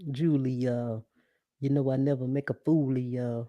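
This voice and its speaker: A woman's voice: extremely low pitch, fairly even intonation, takes it slowly, no echo, highs cut off. A woman hosting a live podcast, talking casually and animatedly to her listeners, often laughing and calling them y'all. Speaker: podcast host. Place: live stream reading comments.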